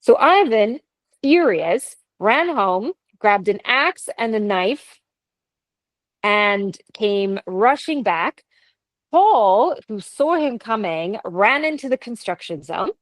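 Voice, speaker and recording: A woman's voice: medium pitch, expressive, takes it slowly, no room sound, low-quality recording. Chatty Canadian woman telling ghost stories. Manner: chatty, laughs often, reads stories aloud with asides. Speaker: podcast co-host. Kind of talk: casual chat, storytelling.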